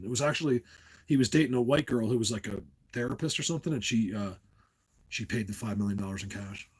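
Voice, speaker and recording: A man's voice: fairly low pitch, breathy edge, poor audio. A middle-aged man from New Jersey chatting casually with his livestream viewers, rambling from tangent to tangent and laughing often. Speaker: livestream host. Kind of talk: casual live-stream chat with viewers.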